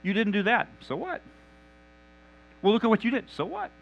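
A man voicing a carefree male Christian who brushes off accusations in a high, breezy tone. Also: steady tone, very fast, lo-fi sound. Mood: dismissive.

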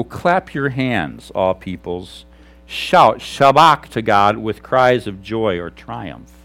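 A middle-aged man, a pastor, preaching an animated sermon on a lapel mic. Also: mid-range voice. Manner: animated, shouts examples.

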